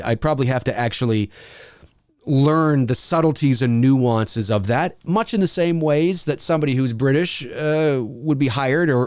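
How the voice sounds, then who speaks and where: Male host, mid-pitched, loose chatty delivery with frequent fillers, dry studio mic. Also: a little mellow, no echo. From Canada. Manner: rambling, halting, lots of fillers. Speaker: livestream host answering viewer questions. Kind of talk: casual live Q&A. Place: home studio.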